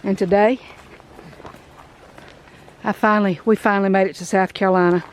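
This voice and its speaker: A middle-aged woman with a warm Southern US drawl hosts a casual vlog outdoors, her chatty, folksy talk a little emotional. A light hiss of outdoor noise sits under the voice. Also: mid-range voice, steady tone, normal speed. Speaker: vlog host. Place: outdoors at an abandoned house.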